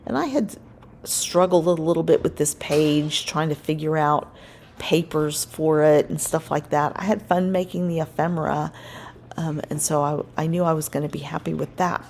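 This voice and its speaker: A woman's voice: low-pitched, unhurried, a little hiss or hum. A woman narrating her scrapbook crafting in a casual voice-over, rambling and correcting herself as she goes. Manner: rambling, self-correcting, relaxed.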